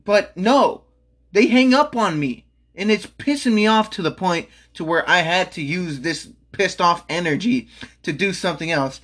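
Young man, high voice, angry venting, repetitive, swearing, home recording. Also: animated, normal speed, fairly bright tone. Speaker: vlogger.

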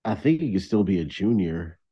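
A man's voice: deep voice, very animated, fairly quick, breathy edge, highs cut off. A man co-hosting a podcast in casual chat, making dry joking asides. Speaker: podcast co-host.

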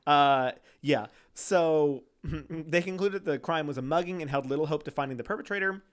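A man's voice: a little high, normal speed. A man co-hosting a casual true-crime podcast, reading case notes with joking asides and frequent laughter. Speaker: podcast co-host.

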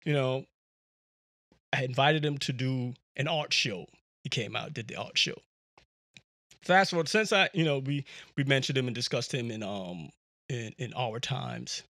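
A man's voice: mid-range voice, sing-song, unhurried, long pauses, fairly bright tone, dry recording, studio quality. A man hosting a podcast, telling a story in a casual, slangy way and often repeating words as he talks. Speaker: podcast host.

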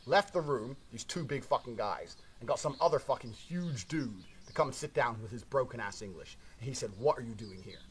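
A man's voice: mid-range voice, expressive, normal speed, few pauses. A man telling a story in a casual monologue, brash and swearing constantly.

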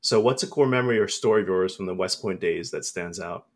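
A man hosting a podcast interview, quick and encouraging as he asks questions. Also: sits low. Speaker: podcast host. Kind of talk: casual interview.

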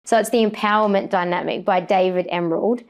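A woman who presents sports chats as a guest in a casual interview, full of fillers and restarts. Her voice is mid-range, steady and smooth, and she talks fast.

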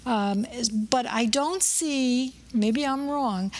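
A woman's voice: high-pitched, extremely slow, a little hiss or hum. Middle-aged woman hosting a podcast, chatty, opinionated, tells little stories. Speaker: podcast host. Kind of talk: casual interview chat.

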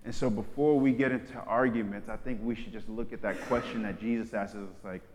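A man delivering a sermon as a preacher in a casual, slangy way, swinging between loud emphatic lines and soft hushed asides. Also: lowish voice, steady tone, fairly quick, slight background noise. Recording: long hall reverb.

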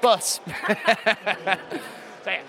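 A man hosting a live quiz show in a deadpan, sarcastic way, slightly hoarse as he loses his voice. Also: drawn-out words, a crowd in the background. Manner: deadpan sarcasm, teasing the audience.

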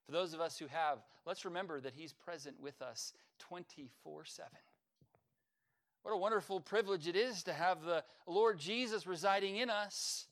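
A man preaching a sermon as pastor, earnest, with sudden swells in loudness. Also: high-pitched, moderate pace. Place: church service.

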